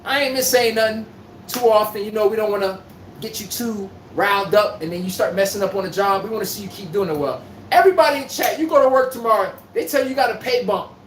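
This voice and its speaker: A man hosting a live-streamed sports podcast, talking to the chat in a loud, profane trash-talking manner. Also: sits high, fast. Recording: echoey room from far off, faint noise.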